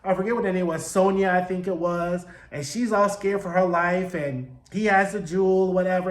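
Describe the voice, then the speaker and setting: A man giving a casual, profane recap of a TV show, acting out the characters' lines in quick asides. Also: sits high, steady tone. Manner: chatty, swears freely, acts out quotes with "he's like". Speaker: TV show reviewer. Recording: roomy echo.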